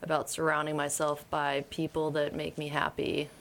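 Low-voiced playful woman co-host. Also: completely flat delivery, moderate pace, vocal fry, a bit bright, a little hiss or hum. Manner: playful, teasing. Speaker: podcast co-host. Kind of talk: casual chat.

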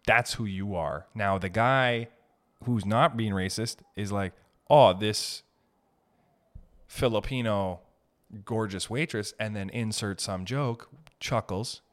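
A man's voice: fairly low pitch, measured pace, fairly bright tone. Rambling, profane young male podcast host. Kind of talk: solo comedic podcast monologue.

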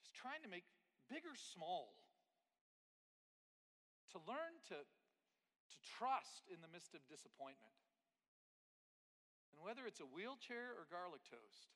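A man preaching a sermon and telling a story in an animated way, at times acting out his sister's words. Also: high-pitched. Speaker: pastor. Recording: long hall reverb.

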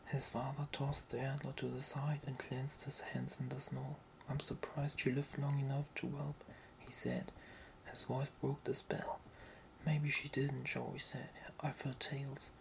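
A narrator softly whispering a fantasy novel aloud in whispered role-play, slow and even. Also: mid-range voice, vocal fry, slight background noise, poor audio.

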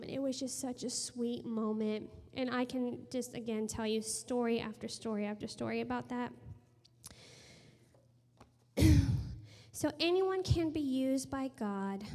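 A woman in her thirties giving an earnest sermon testimony and prayer to a room, telling stories and dropping to a hushed voice for emphasis. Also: fairly high pitch. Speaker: speaker sharing a testimony. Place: room with a gathered audience. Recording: long hall reverb.

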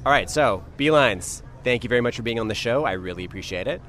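A man's voice: medium pitch, expressive, quick pace, a bit bright. A man hosting an interview show, asking plain friendly questions outside on a city street. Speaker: podcast host.

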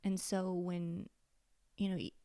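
A woman's voice: mid-range voice, measured pace, mellow, no echo, clean studio sound. A woman in her thirties hosting a confessional solo podcast from home, tearful and sniffling, candid and blunt. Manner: candid, blunt, swears freely. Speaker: podcast host.

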